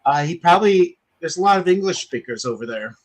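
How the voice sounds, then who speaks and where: A man, a priest co-hosting a casual stream, who explains things in a measured way. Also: a little high, animated, rough recording. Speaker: priest co-host. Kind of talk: casual chat on a live stream.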